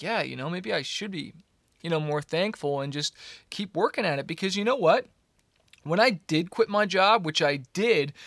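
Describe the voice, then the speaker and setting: A young man recounts his journey in an eager, chatty way, dropping "man" and "you know" as he goes. His voice sits a little on the high side. The sound is dry and close, with no room echo. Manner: energetic, fillers like "man" and "you know", excitable. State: coughing a little. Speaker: musician vlogger. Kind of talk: casual storytelling to camera.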